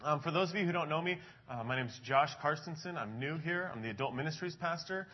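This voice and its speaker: A man in his thirties pastors a congregation with a somewhat raised, breathy voice. He talks casually, telling stories with plenty of uhs and ums. The church recording sounds dull and lo-fi. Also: fairly high pitch, fast talker. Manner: chatty storytelling, frequent um and uh. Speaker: adult ministries pastor. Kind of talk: casual sermon talk to a congregation.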